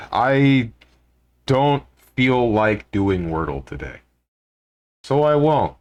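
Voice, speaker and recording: A man's voice: mid-range voice, very animated, very slow, darkish tone, muffled recording. A man streaming live, chatting casually and grumbling to his chat. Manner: laid-back, grumbling, talks to chat.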